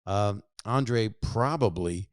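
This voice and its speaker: An older man hosts a podcast, rambling through jokes and stories and often breaking off mid-sentence. His voice sits low and is smooth and resonant. It is recorded close and dry. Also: slow, no room sound. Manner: rambling, self-interrupting, jokey. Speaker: podcast host calling listeners. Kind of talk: casual phone chat and rambling monologue.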